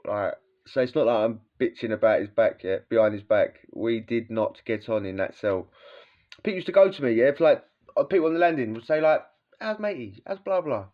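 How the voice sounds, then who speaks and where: A man's voice: mid-range voice, expressive, a little fast. A man with a British accent telling prison stories in a casual, slangy way, swearing freely and laughing as he talks. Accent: British English. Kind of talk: casual storytelling. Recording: dull lo-fi sound.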